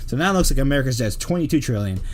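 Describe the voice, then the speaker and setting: Joking Canadian man with a lively voice. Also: mid-range voice, rapid-fire. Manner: joking, animated, bursts of silly voices. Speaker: podcast co-host. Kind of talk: casual chat.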